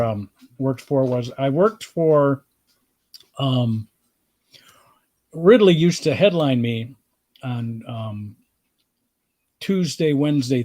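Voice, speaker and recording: A man chats through an old road story in a loose, rambling way, mid-pitched and unhurried. The sound is dry and close, with no room around it. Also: dry recording. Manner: relaxed rambling anecdotes with fillers. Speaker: comedian host. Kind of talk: casual storytelling chat.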